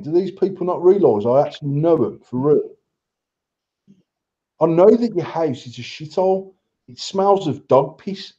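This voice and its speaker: A man's voice: fairly high pitch, warm tone, highs cut off. A man in his thirties from England, co-hosting a casual podcast at home and ranting in a mocking, foul-mouthed way. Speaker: podcast co-host. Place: living room at home.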